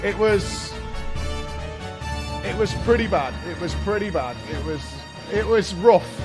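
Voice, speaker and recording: Male streamer, hoarse, high voice, excitable, swears a lot, faint game music behind. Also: measured pace. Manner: excitable, swears a lot, repeats himself, answers chat. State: hoarse from shouting. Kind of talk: casual chat with a live audience.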